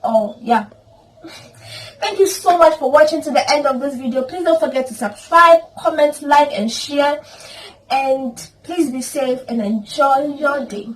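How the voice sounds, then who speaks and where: A woman with a high-sitting voice tells her personal story on a vlog at an unhurried pace, sincere and emotional with prayerful remarks. The recording catches her from a distance, with faint ambient sound.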